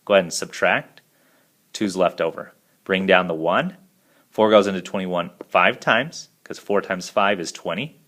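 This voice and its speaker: Male math teacher, deep voice, calm step-by-step voice-over for a lesson video. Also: unhurried. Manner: steady step-by-step explaining.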